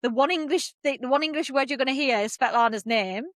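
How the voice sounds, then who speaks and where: A young woman co-hosting a podcast, gushing and excitable as she recaps a TV episode and swears freely. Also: high-pitched, fast, no echo. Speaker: podcast co-host. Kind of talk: casual chat recapping a TV episode.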